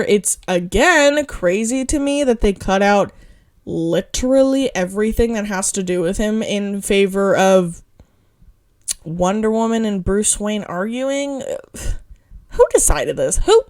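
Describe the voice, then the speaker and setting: A woman's voice: medium pitch, a little mellow. Rambling young woman gushing about movies. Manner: rambling, lots of "um" and "like"; enthusiastic, quick to gush. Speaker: vlogger. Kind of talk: casual movie review ramble.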